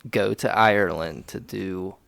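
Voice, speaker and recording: A man's voice: deep voice, a little slow, gravelly, fairly bright tone, no room sound. A young man co-hosting a podcast in loose, laughing casual chat, tipsy and full of playful questions. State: intoxicated. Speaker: podcast co-host.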